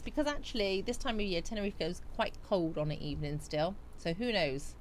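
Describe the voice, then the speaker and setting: A woman's voice: lowish voice, lively intonation, normal speed, a little hiss or hum. A woman livestreaming a casual chat, rambling with lots of ums as she reads out viewer comments. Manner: chatty and rambling, with many ums.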